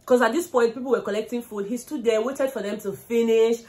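A young woman with a Nigerian accent, telling a casual gossip recap in a chatty, animated way and often speaking straight to her viewers. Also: a little high, a little fast. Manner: chatty, animated storytelling, keeps addressing viewers as guys. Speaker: reality show recap vlogger.

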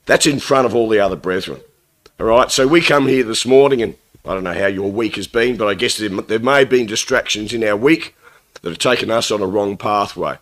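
A man's voice: on the low side, a little fast, fairly bright tone. A middle-aged man giving a Bible talk to his congregation, earnest and conversational, quoting scripture and translations. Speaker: lay preacher. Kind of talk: Bible talk, thought for the day.

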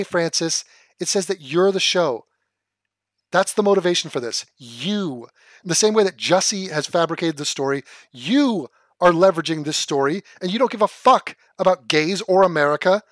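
Streaming live, a man with a high voice and no room sound rants and swears in casual commentary. He stumbles over a hard word and laughs at himself.

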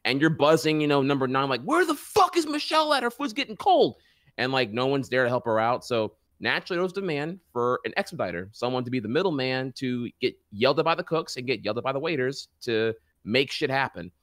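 A man's voice: medium pitch, quick pace, hardly any pauses, fairly bright tone, no echo, clean studio sound. A man co-hosting a casual podcast chat, telling rambling, profane stories full of fillers. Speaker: podcast co-host.

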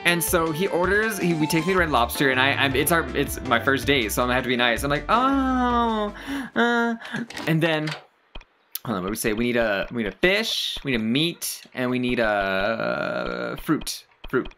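A let's play gamer talks casually over gameplay, slipping into long, rambling personal stories with an animated, self-deprecating manner. The voice sounds bright and forward. Light game music plays underneath. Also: mid-range voice, brisk. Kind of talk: casual gameplay commentary and storytelling.

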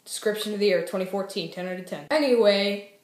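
A young woman reviews TV shows on YouTube in a goofy, playful, casual style, bursting into sing-song cheers. She talks fast with a medium-pitched, darkish voice, and the sound is roomy.

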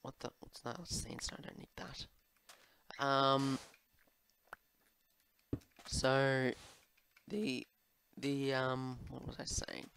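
A man talks over his gameplay at a home desk microphone, answering viewer questions. He drifts along unhurried, with a mid-range voice and plenty of ums and side remarks to his pet. A faint hiss sits under the recording. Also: medium pitch, steady tone, gravelly, fairly bright tone. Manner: rambling and chatty, with many fillers, asides to his pet. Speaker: Minecraft YouTuber.

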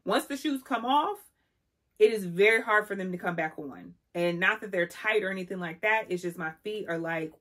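A woman's voice: lowish voice, moderate pace. Sassy woman vlogger, heard from a distance. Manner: lively, sassy, chatty, demonstrating while walking. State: slightly out of breath. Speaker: style vlogger teaching heel walking. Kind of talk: casual tutorial. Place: indoor room with carpet.

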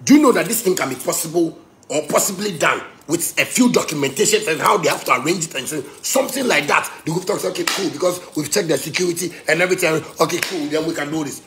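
A man from Ghana with a Ghanaian Pidgin English accent, ranting angrily, swinging between shouting and low muttering. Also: quick pace, a little hiss or hum. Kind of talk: angry rant.

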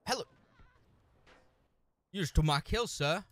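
Swearing, animated male gamer with a bright voice. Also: high-pitched, brisk, long pauses. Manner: swears constantly, trash-talks other players; frustrated outbursts and joking asides. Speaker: gameplay streamer. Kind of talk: live gameplay commentary. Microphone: desk mic with a camera, no headphones.

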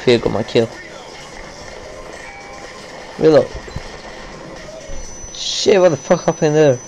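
Slow, cursing gamer man. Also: on the high side, animated, a little mellow, slight background noise, rough recording. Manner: cursing, grumbling running commentary. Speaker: gameplay commentator. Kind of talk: live gameplay commentary.

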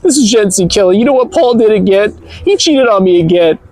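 A high, swooping falsetto of a lovesick young Gen Z girl who whines and giggles, as a man puts her on. Her pitch leaps all over the place in a comedic live-stream sketch, and the sound is close and dry. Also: lively intonation, brisk, darkish tone, no room sound, poor audio. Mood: whiny lovesick.

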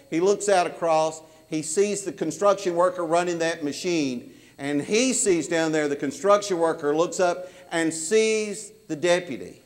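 A man preaching a sermon, telling a story with energy and then turning to a quiet, earnest appeal to the congregation. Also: fairly high pitch. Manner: animated storytelling that drops to a soft, earnest appeal. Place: church sanctuary. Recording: long church reverb.

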